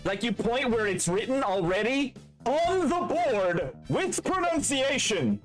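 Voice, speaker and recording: A man's voice: very high voice, big pitch swings, measured pace, faint music behind. A man who runs the game, chatting casually with his players, joking and swearing freely. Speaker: game master. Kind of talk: casual chat.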